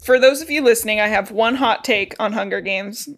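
A woman's voice: fairly high pitch, a little fast, fairly bright tone. Young woman podcast co-host, chatty and blunt, casual book-club talk. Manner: chatty, summarizes plot with offhand opinions.

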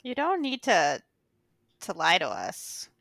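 A woman's voice: lowish voice, wildly swooping pitch, slow, gravelly, a bit bright, no echo. A woman playing a tabletop game, tossing in dry, wry remarks. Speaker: player. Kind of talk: casual tabletop play.

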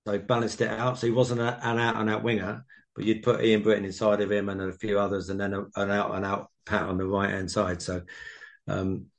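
Older man, ex-footballer guest, low gravelly voice, rambling anecdotes. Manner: rambling anecdotal storytelling, many restarts. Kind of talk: casual interview.

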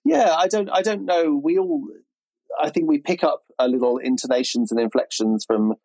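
A man from Berkshire with a Southern English accent tinged with Reading, telling a story in relaxed podcast chat. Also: on the high side, normal speed, no room sound, rough recording. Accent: Southern English, partly Reading. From Berkshire, England. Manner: relaxed storyteller, many fillers.

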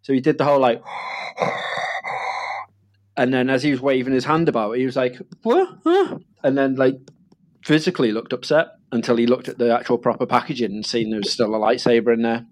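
A man's voice: mid-range voice, steady tone, brisk. Rambling young man telling stories. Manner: rambling, laughs often, acts out quotes. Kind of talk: casual chat, storytelling.

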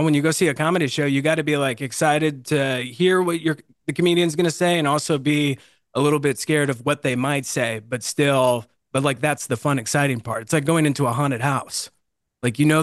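A man with a somewhat high voice chats in loose slang and keeps saying "dude." His voice sounds close and dry on the mic. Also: dry recording. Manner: chatty, slangy, says "dude" often. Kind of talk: casual chat.

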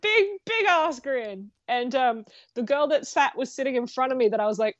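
A woman co-hosting a podcast, telling a story in a casual, animated way, laughing often and swearing freely. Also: high voice, moderate pace, dry recording, muffled recording. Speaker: podcast co-host.

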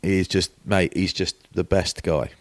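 A man's voice: sits low, normal speed, no echo. A middle-aged man from England, a podcast co-host, telling candid stories in casual chat with British slang. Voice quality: British slang, says "mate" and "bloke". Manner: chatty storytelling, candid and warm toward old teammates.

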